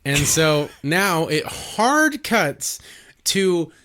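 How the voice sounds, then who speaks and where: A man's voice: a little high, big pitch swings, very slow, pushed and bright, a little hiss or hum. A man co-hosting a podcast, chatting casually as he recaps a movie, laughing often and talking over his co-host. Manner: laughing, overlapping, jokey and profane.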